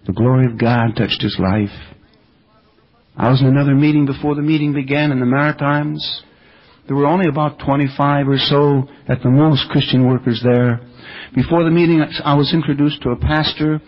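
Older man, preacher, earnest storytelling, husky, muffled radio sound. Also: mid-range voice, fairly even intonation, moderate pace. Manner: earnest, recounts anecdotes with quoted speech. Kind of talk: sermon storytelling about revival. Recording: dull lo-fi radio recording.

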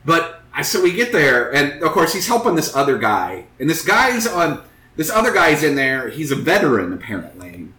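A man's voice: fairly high pitch, sing-song, normal speed, pushed and bright. A man telling a long story in casual chat, rambling and swearing, acting out other people's lines. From Northeast Ohio. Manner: rambling storyteller, profane, acts out quotes. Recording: echoey room.

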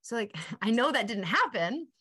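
A woman's voice: on the high side, very animated, normal speed, sharp tone, husky. A woman hosting a podcast interview, asking chatty, curious follow-up questions. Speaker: podcast host.

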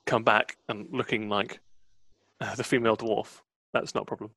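A man running a tabletop game as game master, in a relaxed, laid-back way. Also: fairly low pitch, normal speed, vocal fry, no room sound.

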